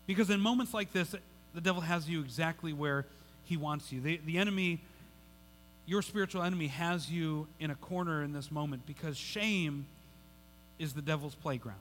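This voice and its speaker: Bright-voiced male preacher in a big hall. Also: a little high, normal speed, slight background noise. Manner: conversational, repeats words, restarts sentences. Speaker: pastor. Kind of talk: sermon. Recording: long hall reverb.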